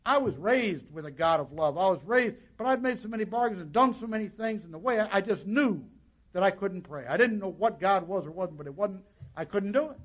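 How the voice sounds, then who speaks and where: A man's voice: sits high, expressive, brisk, dull audio. A man sharing his personal recovery story at a meeting, in a folksy storytelling way with lots of quoted dialogue. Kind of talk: personal testimony to an audience.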